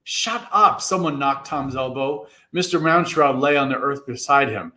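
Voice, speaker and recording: A man's voice: normal speed, pushed and bright. A man giving a theatrical reading of a classic story, jumping into character voices as he narrates. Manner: theatrical, voices characters with big pitch jumps. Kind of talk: dramatic reading of a classic novel. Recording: echoey room.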